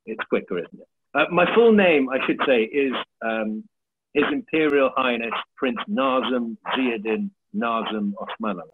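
Husky and measured, a mid-range male voice carries this comedian in his thirties as he casually chats on a podcast, self-deprecating and freely profane. The recording is dry but tinny like a phone line, with a faint hiss.

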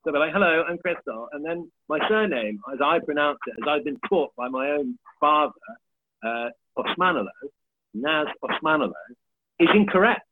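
Lively joking man on a tinny line. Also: fairly high pitch, moderate pace. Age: 30s. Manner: joking, self-mocking, swears freely. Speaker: comedian and podcast guest. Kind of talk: casual chat. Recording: tinny phone-like line with faint hiss.

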